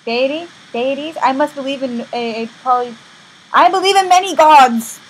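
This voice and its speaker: A woman's voice: high voice, fairly even intonation, moderate pace, slight background noise, lightly acted, poor audio. Casting: woman playing gushing storybook courtiers, flustered and fumbling. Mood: fawning. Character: fawning foreign dignitaries, flustered and gushing.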